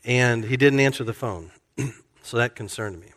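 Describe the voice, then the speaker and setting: A man's voice: medium pitch, moderate pace, fairly bright tone. A male pastor preaching a sermon, telling a story in a conversational way that often restarts mid-sentence. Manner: conversational, self-correcting storyteller. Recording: long hall reverb.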